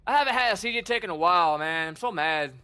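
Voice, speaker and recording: A young man streaming a game, talking casually and excitably, swearing and calling people bro and dude. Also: high voice, fast, clean tone. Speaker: gaming streamer. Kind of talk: casual gameplay commentary.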